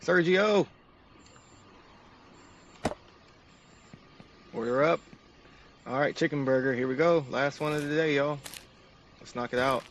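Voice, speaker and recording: A man's voice: medium pitch, steady tone, a little fast, recorded from a distance, slight background noise. A man narrating each step of a game to his stream chat in an upbeat, casual way.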